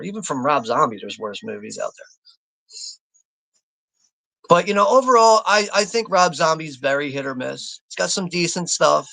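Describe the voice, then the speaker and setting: A man's voice: fairly high pitch, creaky, pushed and bright, dry recording. An American man hosting a live movie watch party, rambling, swearing a lot and laughing as he reads out chat comments. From United States.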